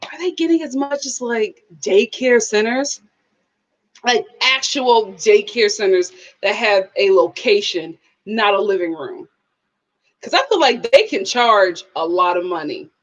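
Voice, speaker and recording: A woman hosting a live TV review, talking in an expressive, animated way and responding to viewers. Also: mid-range voice, unhurried, lo-fi sound. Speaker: host of a TV review channel.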